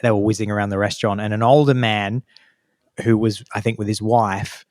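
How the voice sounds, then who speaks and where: A man's voice: lowish voice, fairly quick, dry recording, clean studio sound. A man co-hosting a podcast, chatting casually and acting out the people he quotes. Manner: animated storyteller, acts out quotes. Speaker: podcast co-host. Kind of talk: casual chat.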